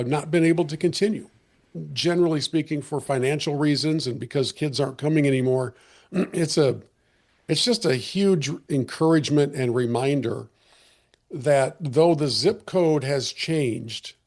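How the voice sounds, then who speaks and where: A man hosting a podcast conversation, earnest and reflective, often restarting his sentences, and slightly hoarse as he loses his voice. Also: on the high side, unhurried, darkish tone. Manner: earnest, with frequent restarts and fillers. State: losing his voice. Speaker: podcast host.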